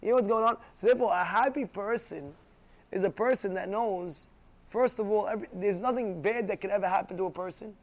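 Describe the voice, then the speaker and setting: A man teaching a religious class, animated, often acting out quarrels and asking if listeners follow. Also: sits high, fairly quick. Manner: animated, acts out shouting voices, asks "you know?" often. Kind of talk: Torah class sermon.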